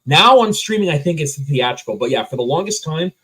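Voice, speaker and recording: A man's voice: fairly high pitch, expressive, fast, sharp tone, slightly rough, low-quality recording. A man co-hosting a casual movie review podcast, sharing trivia and laughing often. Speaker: podcast co-host.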